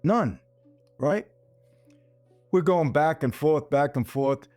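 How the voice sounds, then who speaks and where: A man's voice: fairly high pitch, slow pace, darkish tone, no room sound. Man telling a story over faint music. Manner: speaks straight to listeners, calling them "people"; retells scenes by acting out quoted dialogue. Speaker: podcast host. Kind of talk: storytelling monologue.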